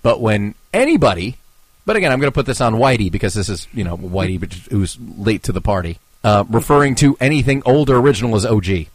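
A man from New Jersey co-hosting a casual podcast chat, joking and bantering, quick to curse. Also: on the low side, lively intonation, dry recording. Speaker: podcast co-host.

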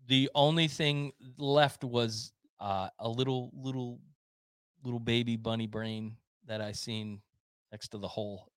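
In a casual podcast conversation, the male co-host tells long-winded stories riddled with fillers and do-overs, often breaking into laughter. He speaks at a measured pace with a steady, mid-range voice that's clean and fairly bright, and there's no echo.

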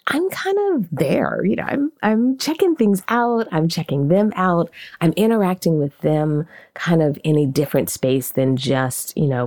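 A woman hosting a podcast, teaching in an animated, conversational way and often asking questions aloud. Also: deep voice. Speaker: podcast host and marketing coach. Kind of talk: casual teaching monologue.

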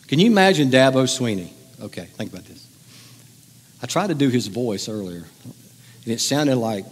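A man's voice: medium pitch, lively intonation, moderate pace, long pauses, slightly rough. A man preaching a sermon in a conversational, joking way, teasing the congregation in a large church hall. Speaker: pastor.

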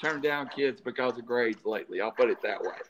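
A man's voice: mid-range voice, animated, brisk, muffled recording, noisy background. A man hosting a sports discussion, posing questions to his panel with light teasing. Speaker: sports podcast host. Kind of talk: casual sports talk.

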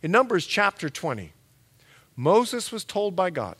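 Animated, bright-voiced male pastor preaching. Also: high voice, unhurried, breathy edge. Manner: animated storytelling with acted-out quotes; emphatic, building to loud peaks. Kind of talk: sermon.

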